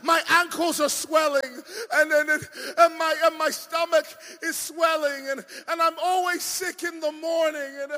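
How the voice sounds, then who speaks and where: A man's voice: extremely high pitch, flat delivery, normal speed, few pauses, bright, forceful tone, pitched above the performer's own voice. A man preaching, voicing an anxious woman who stammers out her symptoms to a doctor. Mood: flustered. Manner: flustered, stammering. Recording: long hall reverb.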